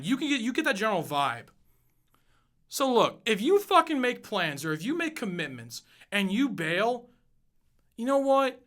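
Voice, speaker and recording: Young dude podcast host going off, swearing nonstop, bright edgy voice. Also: male voice, sits high. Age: 20s. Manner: blunt, heated, swears constantly. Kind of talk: profane ranting podcast monologue.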